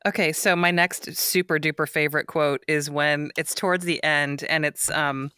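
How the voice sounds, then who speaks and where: Woman cohost gushing about fave quotes, low-ish voice, bright and forward, dry close sound. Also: fairly even intonation, normal speed, smooth, dry recording. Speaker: podcast co-host. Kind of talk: casual chat.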